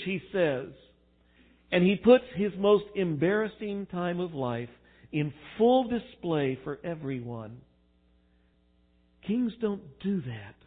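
A man preaching a sermon, animated, swinging between quiet reflection and loud emphasis. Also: sits high, slow, pauses often, slightly rough. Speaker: pastor. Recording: tinny phone-like sound.

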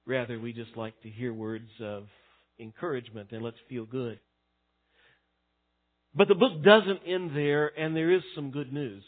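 A man preaching a sermon as a pastor, swinging between loud emphatic lines and hushed ones. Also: mid-range voice, unhurried, pauses often. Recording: tinny phone-like sound.

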